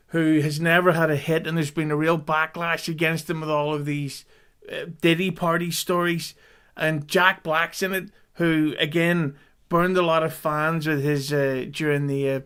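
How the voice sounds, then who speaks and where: Wry man with a smooth voice. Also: fairly high pitch, flat delivery, moderate pace, a bit bright. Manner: wry, dry critical commentary. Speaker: podcast co-host. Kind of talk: casual chat.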